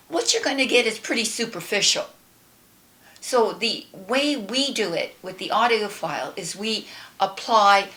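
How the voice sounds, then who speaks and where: A woman co-host of a tarot show speaks in an unhurried, meditative way. She often trails off and restarts her sentences. Her pitch sits in a middle range. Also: bright, forceful tone. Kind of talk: casual chat and guided prayer.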